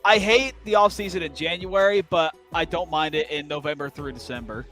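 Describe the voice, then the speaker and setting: A man co-hosting a casual podcast chat, loud, profane and excitable. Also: on the high side, brisk, faint music behind. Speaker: podcast co-host. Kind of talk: casual race-reaction chat.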